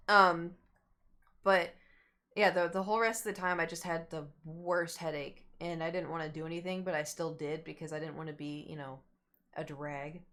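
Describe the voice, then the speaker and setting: A young woman streamer telling a rambling story to her chat, acting out what people said. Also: on the low side. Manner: animated, rambling, acts out quotes.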